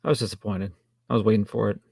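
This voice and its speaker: Gravelly low-key man. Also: fairly even intonation, very fast, a little mellow, no echo. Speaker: podcast co-host reviewing films. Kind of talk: casual chat.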